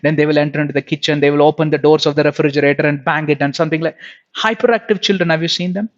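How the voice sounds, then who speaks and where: A man's voice: fairly even intonation, rapid-fire. A man teaching a Bible lesson in sermon style, talking emphatically with rhetorical questions and repeated phrases. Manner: emphatic, rises in pitch and volume when stressing points. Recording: dull lo-fi recording.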